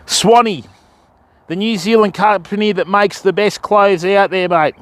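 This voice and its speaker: A man's voice: high voice, steady tone, a little slow. A young man with an Australian accent, chatting and joking his way through a live fishing stream outdoors by a river. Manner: joking, matey banter. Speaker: fishing vlogger.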